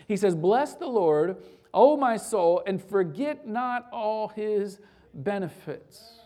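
A man preaching a sermon as pastor, emphatic, asking rhetorical questions and repeating phrases, swinging from loud urgent peaks to low quiet lines.

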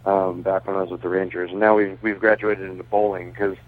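A man's voice: deep voice, level tone, fairly quick. A man who is a guest on a radio show, telling stories over the phone in a chatty way, laughing often and restarting his sentences. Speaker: baseball pitcher and racing team owner, guest. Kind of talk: casual phone interview. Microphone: phone call. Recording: tinny phone line.

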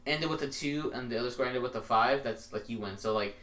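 A man co-hosting a podcast, chatting casually and telling animated stories with plenty of swearing. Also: medium pitch, fairly quick. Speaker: podcast co-host. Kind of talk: casual chat.

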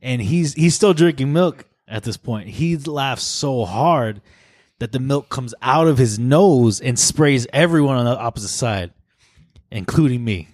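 Chill young dude rambling about school days, dry close mic. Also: male voice, medium pitch, a little slow, no echo. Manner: relaxed, reflective storyteller with fillers. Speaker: podcast co-host. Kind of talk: casual chat.

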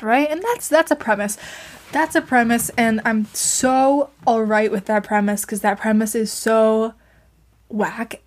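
A woman's voice: on the high side, fairly even intonation, unhurried. A young woman chatting casually into a home mic, rambling and self-deprecating, with lots of fillers and laughs. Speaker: podcast host reviewing fan fiction. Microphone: home mic she adjusts herself.

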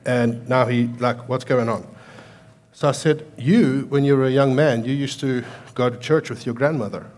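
A man preaching a sermon, swinging from loud, emphatic lines to quiet storytelling, with an accent that sounds foreign to American ears. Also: mid-range voice, steady tone, moderate pace. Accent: foreign to American listeners. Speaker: pastor.

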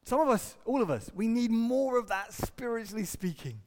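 High-voiced man preaching in an echoing hall. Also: moderate pace, hardly any pauses. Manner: earnest, animated storytelling with acted-out quotes. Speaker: pastor. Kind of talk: sermon.

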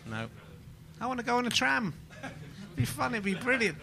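A man's voice: very high-pitched, big pitch swings, normal speed, vocal fry, sharp tone, slight background noise. A man hosting a live podcast, bantering playfully with the audience. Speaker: podcast host. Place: comedy venue with live audience.

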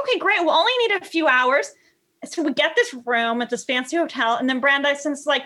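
A woman dog trainer chatting as a podcast guest, telling animated stories and acting out what people said. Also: high voice, normal speed. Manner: animated storyteller, acts out quotes. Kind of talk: casual podcast chat.

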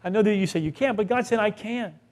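A man's voice: sits high, fast talker, a little mellow. A middle-aged male pastor giving a conversational sermon, asking rhetorical questions and acting out quoted voices.

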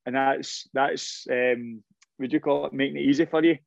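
A man's voice: mid-range voice, moderate pace, vocal fry, no echo, muffled recording. Man telling rambling football stories. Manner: rambling, animated anecdotes with repeated restarts. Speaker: former professional footballer. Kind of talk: casual interview storytelling.

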